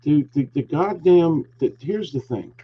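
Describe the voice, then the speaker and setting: A man's voice: on the high side, expressive, unhurried, breathy edge. A man hosting a talk show, telling an angry story with lots of swearing and heat. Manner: profane, heated ranting storyteller. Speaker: podcast host. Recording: dull lo-fi recording.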